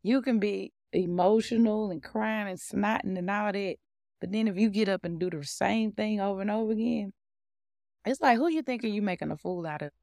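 Woman preaching casual on her podcast, aave, lots of laughs, bit of vocal fry. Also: mid-range voice, normal speed, no room sound, studio quality. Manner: animated, conversational, laughing often. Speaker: podcast host. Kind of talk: informal devotional teaching.

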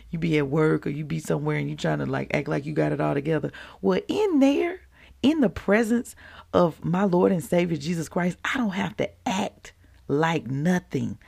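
Woman, devotional speaker; low, heavily creaky voice, emotional and heartfelt, talks straight to her listeners. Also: darkish tone. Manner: emotional, earnest, repeats phrases, addresses listeners as y'all. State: teary, close to crying. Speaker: Christian speaker sharing a devotional. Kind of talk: informal devotional talk.

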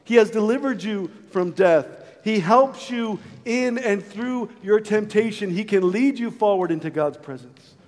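A middle-aged man preaching a sermon as pastor, earnest, moving from loud calls to hushed, intimate lines. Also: high-pitched, animated, a little slow, few pauses, big-room sound. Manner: acts out voices in a story.

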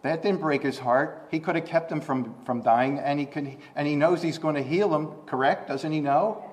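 A man preaching a conversational sermon, asking rhetorical questions and restarting often, rising in pitch and volume when he quotes scripture. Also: normal speed, a little hiss or hum.

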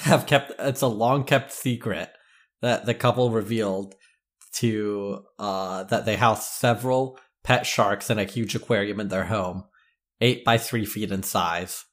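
A man's voice: fairly low pitch, unhurried. Laughing, teasing male co-host. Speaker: podcast co-host. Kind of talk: casual chat.

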